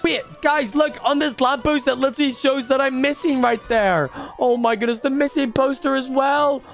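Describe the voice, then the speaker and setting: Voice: high voice, normal speed, soft background music. A gaming creator narrating a roleplay as a lost baby, talking dramatically to viewers and exclaiming often. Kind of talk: game roleplay commentary to viewers.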